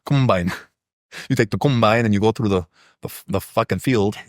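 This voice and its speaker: A man's voice: fairly low pitch, fairly even intonation, quick pace, no room sound, clean studio sound. A man with Polish as his first language, a podcast guest talking casually, a blunt, profane, rambling storyteller.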